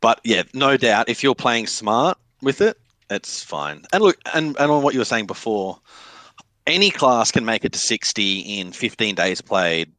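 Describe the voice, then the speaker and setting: A man's voice: mid-range voice, lively intonation, moderate pace, sharp tone, no echo. A man co-hosting a casual podcast chat, talking in an easygoing, matter-of-fact way. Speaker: podcast co-host.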